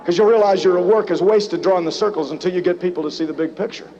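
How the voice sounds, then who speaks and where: A man giving a motivational rally speech, telling a story in punchy, repetitive lines that build to shouts. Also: high voice, fast. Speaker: motivational business speaker. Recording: dull lo-fi live tape, faint noise.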